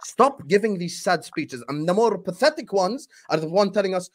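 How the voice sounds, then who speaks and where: A man with a notably high-pitched voice rants about his football club on a fan panel show. He swears freely and sounds fed up. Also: sing-song, brisk, hardly any pauses. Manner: ranting, profane, exasperated. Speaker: football pundit, Liverpool fan. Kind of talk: heated fan panel talk.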